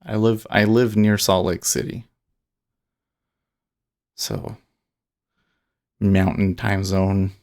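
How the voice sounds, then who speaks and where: Chatty guy from utah, kinda low and gravelly, rambling thru his trades live. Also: steady tone, slow, long pauses, a little mellow. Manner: chatty, rambling, with restarts and chuckles. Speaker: day trading streamer. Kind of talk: casual live-stream trading commentary.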